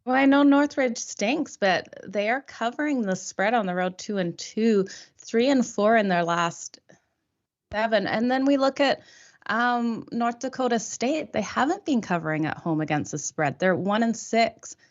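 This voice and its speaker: A woman with an Australian accent giving sports betting picks in casual chat, reciting stats with small pauses and fillers. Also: fairly high pitch, animated, muffled recording. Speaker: podcast co-host, betting analyst.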